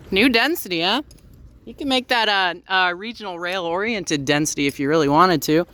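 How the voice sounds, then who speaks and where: A man's voice: sits high, expressive, moderate pace, pushed and bright. A man vlogging outdoors while cycling through town, narrating casually with wry asides and plenty of "uh"s, recorded on a bike-mounted camera. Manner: rambling, wry asides, frequent "uh". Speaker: transit vlogger.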